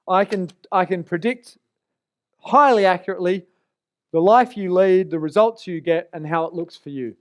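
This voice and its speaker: A man presenting a live seminar to an audience, energetic, drawing call-and-response answers from the room. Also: high-pitched, clear, resonant tone.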